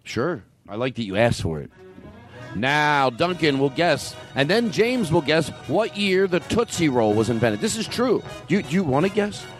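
A man's voice: on the high side, big pitch swings, moderate pace, faint music behind. A man hosting a comedy podcast, running a guessing game and teasing his co-host with frequent laughs. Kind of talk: casual comedic banter.

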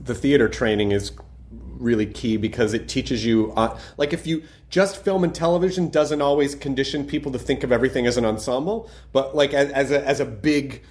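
An interviewer chats casually and encourages the guest, with a voice at a middling pitch. The talk is loose and friendly, with asides and playful acted-out lines. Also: a little fast, darkish tone. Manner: encouraging, chatty.

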